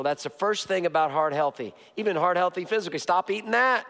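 Gravelly yet a bit bright, his high voice animated and brisk with few pauses, a male pastor delivers a forceful sermon in a church sanctuary, repeating key points and slipping in joking asides. Long hall reverb fills the recording.

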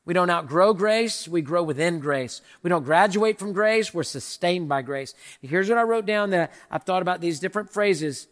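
A man preaching a sermon as pastor, emphatic and repetitive with a joking streak, closing in a softer spoken prayer. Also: high voice, moderate pace, few pauses, in a large hall.

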